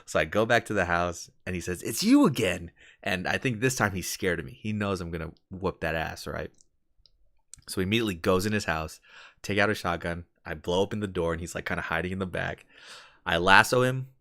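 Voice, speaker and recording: A man's voice: low voice, fairly quick, pushed and bright, no echo, clean studio sound. A man hosting a casual gaming podcast, laid-back and slangy, telling game stories. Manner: laid-back, slangy, says "dude" a lot. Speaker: podcast host. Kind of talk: casual chat.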